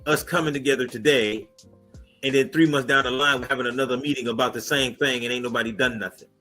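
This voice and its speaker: A man speaking as a talk show guest, forceful and adamant, hammering each point home with punchy emphasis. A soft music bed plays faintly behind him. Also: mid-range voice, fairly even intonation, fast, low-quality recording. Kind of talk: emphatic interview answers.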